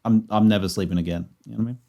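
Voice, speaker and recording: A man's voice: lowish voice, steady tone, racing, creaky, mellow, muffled recording. A man co-hosting a casual podcast, presenting lore in a rambling, joking way that stumbles over words.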